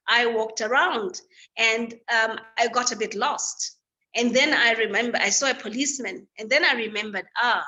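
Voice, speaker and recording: A woman from Africa, a guest, telling a personal story in an animated, lively way over a video call. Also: a little high. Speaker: guest speaker.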